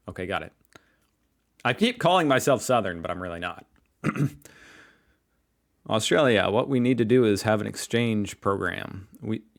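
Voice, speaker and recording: A man with a General American accent, hosting a casual reaction video in a joking, rambling, self-deprecating way. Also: fairly low pitch. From Pittsburgh, United States.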